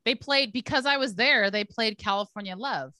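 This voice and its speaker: A woman in her thirties from the San Francisco Bay Area, hosting a podcast and telling stories loudly, with a lot of swearing and laughter, and acting out the voices of the people she quotes. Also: on the high side, moderate pace, no room sound, clean studio sound. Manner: loud, profane, laughs often, acts out quoted voices. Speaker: podcast host. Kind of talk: casual storytelling chat.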